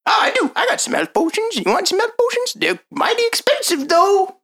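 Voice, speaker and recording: A woman voicing a tiny old male gnome shopkeeper who talks in a high, folksy drawl. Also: sing-song, a little fast, fairly bright tone, exaggerated voice. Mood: salesy.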